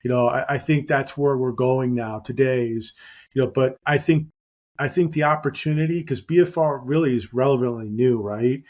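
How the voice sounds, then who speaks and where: A man's voice: medium pitch, normal speed, darkish tone, dull audio. A middle-aged man hosting a podcast, chatting casually and rambling with lots of "you know" fillers. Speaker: podcast host.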